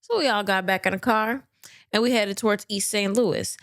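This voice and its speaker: A woman's voice: medium pitch, moderate pace, a bit bright, dry recording, lightly acted. A woman suspect spinning a cover story in a casual, offhand way, as a woman puts her on. Her voice sits in the middle range and sounds close and dry.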